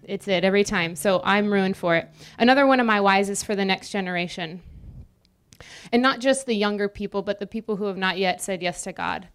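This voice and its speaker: A woman's voice: mid-range voice, fairly quick, clear, resonant tone. A young adult woman giving a sermon in a conversational style, joking with the congregation between scripture readings. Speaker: preacher.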